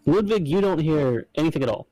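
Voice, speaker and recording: A man's voice: a little high, lively intonation, a little fast, dark tone, dry recording, faint music behind, poor audio. A man narrating as game master in a loose, casual way, full of fillers.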